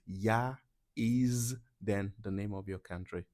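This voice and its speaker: A young man from Nigeria, casually teaching travel phrases to camera in an animated, playful way with loud acted-out reactions. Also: fairly low pitch, normal speed, no room sound, studio quality. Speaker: language teacher.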